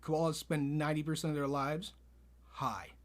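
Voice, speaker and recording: Deadpan male podcast co-host, fairly high voice, straight-faced storyteller. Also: normal speed. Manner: deadpan, spins absurd tall tales with a straight face.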